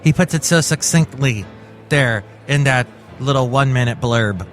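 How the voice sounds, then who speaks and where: A man's voice: medium pitch, moderate pace. A man hosting a comedy podcast, talking playfully through a monologue and skits, with faint music behind. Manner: playful, animated. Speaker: podcast host.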